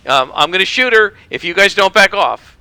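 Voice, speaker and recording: Jittery cornered villain, put on by a man, higher and louder, gravelly edge. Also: expressive, moderate pace, no echo, full character voice. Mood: nervous threatening. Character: nervous male villain holding a hostage.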